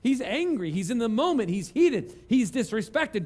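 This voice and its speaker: A man's voice: very high-pitched, big pitch swings, normal speed, a little mellow. A man preaching a conversational sermon, telling self-deprecating stories. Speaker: pastor.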